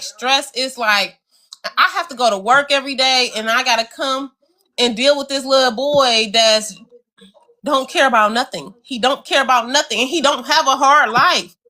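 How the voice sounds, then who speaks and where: A woman, co-hosting a casual talk show, telling a story animatedly and talking straight to listeners. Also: on the high side. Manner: animated, addresses listeners as y'all, acts out voices. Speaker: show co-host.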